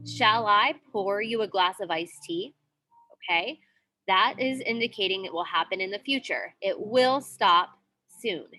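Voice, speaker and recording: Bright-voiced woman teaching grammar. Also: medium pitch. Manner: patient, repeats with frequent "okay?" checks. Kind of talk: classroom grammar lesson.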